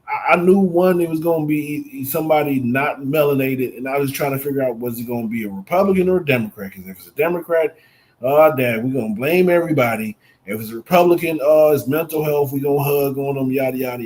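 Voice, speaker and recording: A man's voice: mid-range voice, fairly quick, darkish tone, poor audio. A man co-hosting a podcast, talking casually and repeating words as he thinks. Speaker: podcast co-host.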